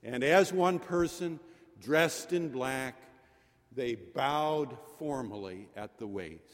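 Slow preacher in a reverberant chapel. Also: male voice, medium pitch. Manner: slow, deliberate, repeating phrases for effect. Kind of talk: sermon. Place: chapel during worship service. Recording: long reverb of a large chapel.

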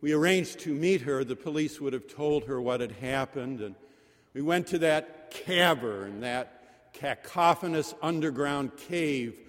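Slow preacher in a reverberant chapel. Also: male voice, fairly high pitch, expressive. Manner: slow, deliberate, repeating phrases for effect. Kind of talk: sermon. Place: chapel during worship service. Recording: long reverb of a large chapel.

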